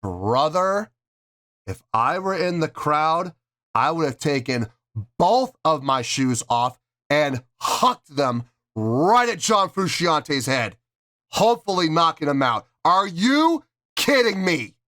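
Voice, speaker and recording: A man hosting a music reaction video, talking in a lively, mock-outraged way with drawn-out emphasis. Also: a little high. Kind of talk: casual reaction vlog.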